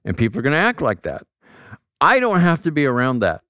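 Male pastor, animated sermon delivery, dry close sound, tells stories and asks the room questions. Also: medium pitch, a little fast, no echo. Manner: conversational storytelling with rhetorical questions.

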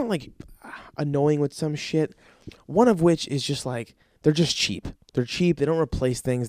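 A young man ranting on his podcast, swearing freely and sounding fed up. His voice sits a touch high for a man, and the sound is dry and close to the mic. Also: darkish tone, dry recording. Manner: profane, exasperated ranting. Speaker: podcast host. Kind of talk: casual ranting monologue.

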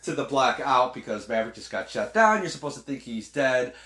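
A man's voice: medium pitch, animated, a little fast, pushed and bright. A man co-hosting a casual movie chat, acting out scenes with sound effects. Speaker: podcast co-host. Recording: echoey room.

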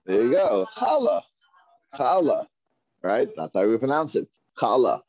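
A man teaching a Hebrew reading class, patiently repeating words slowly and asking his students questions. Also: mid-range voice, sing-song. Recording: dull lo-fi dry recording.

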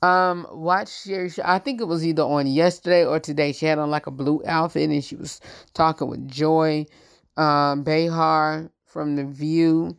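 A man hosting his own show, chatting through celebrity news slowly and haltingly, with frequent ums and uhs. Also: on the high side, steady tone, gravelly, clear, resonant tone, no room sound, studio quality. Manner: halting, many ums, slow and careful. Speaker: show host. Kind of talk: casual celebrity news chat.

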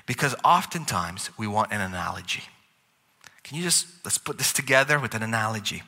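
A man preaching a sermon as pastor, lively and playful, with chuckles and asides to the congregation. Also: on the low side, brisk. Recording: long hall reverb.

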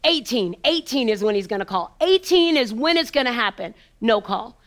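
Using lively intonation in a slightly high voice, a woman who works as a motivational speaker shares a personal story. Her rhythm is emphatic and repetitive, broken by dramatic pauses, and at times she drops to a hushed near-whisper.

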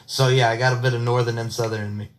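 Male podcast host, New York accent, mid pitch, rambling and excitable. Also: rapid-fire. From Long Island, New York. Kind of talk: casual interview chat.

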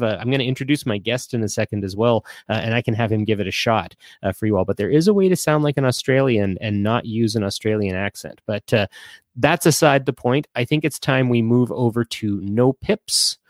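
A man's voice: medium pitch, no echo. Rambly male host, dry sound. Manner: rambling, frequent fillers and restarts. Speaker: live show host. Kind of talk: casual live-stream chat.

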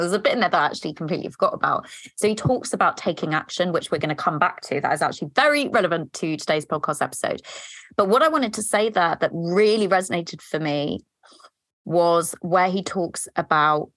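A woman's voice: fairly low pitch, a little fast, a bit bright, dry recording. An English woman in her thirties hosting a podcast, talking frankly and confessionally with casual swearing and plenty of fillers. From England. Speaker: podcast host. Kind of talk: candid personal podcast monologue.

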